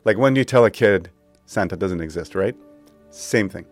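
Deep-voiced reflective podcast host man. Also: moderate pace, soft background music. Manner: reflective, conversational, frequent asides. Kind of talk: solo podcast monologue.

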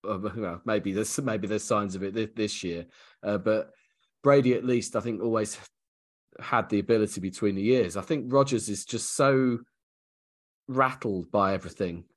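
A man's voice: lowish voice, normal speed. A man co-hosting a casual sports podcast, talking through the game analytically with hesitant restarts and easy laughs. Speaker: podcast co-host.

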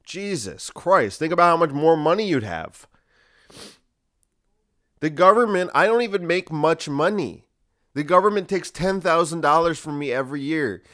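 A man's voice: on the high side, lively intonation, moderate pace, fairly bright tone. A man hosting a solo podcast, ranting in a sarcastic, profane way. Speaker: podcast host.

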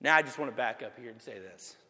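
A man preaching as pastor, reading scripture slowly and building to emphatic, shouted appeals. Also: medium pitch, lively intonation, long reverb tail. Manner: preaching with rising emphatic outbursts; slow, deliberate delivery. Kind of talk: sermon.

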